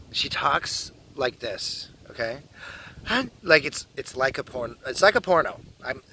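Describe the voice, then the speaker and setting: A young man from Canada rambling crudely through a casual vlog, joking a lot and often dropping to a hushed mutter, recorded outdoors in a public spot. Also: mid-range voice, slight background noise. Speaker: vlogger.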